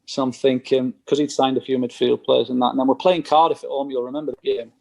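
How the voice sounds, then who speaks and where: On a podcast, an ex-footballer shares casual anecdotes, acting out quoted exchanges in a fast, level, mid-range voice that's mellow with some vocal fry.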